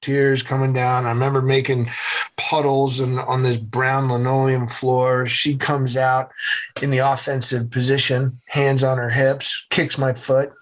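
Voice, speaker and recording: A middle-aged man from central Massachusetts, a podcast guest telling his story with animated, acted-out voices. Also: mid-range voice, a little slow. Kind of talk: storytelling interview answers.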